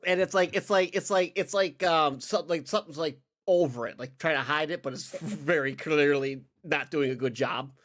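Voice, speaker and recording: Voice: mid-range voice, moderate pace, hardly any pauses, fairly bright tone. A game master narrating a tabletop game, rambling and full of filler words.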